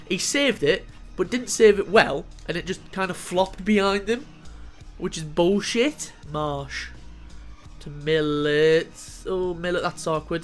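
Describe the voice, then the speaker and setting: Guy commentating his football game, fairly high voice, swears a lot, faint music under it. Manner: excitable, swears freely, talks to the players on screen. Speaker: gaming video host. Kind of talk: casual video game commentary.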